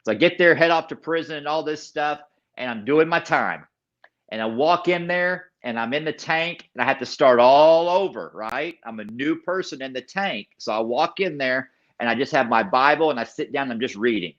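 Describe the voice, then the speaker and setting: A man's voice: mid-range voice, animated, moderate pace, fairly bright tone, highs cut off. A man guest telling his personal recovery story in an interview. He is an emphatic storyteller who repeats key phrases and acts out other people's lines. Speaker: podcast guest.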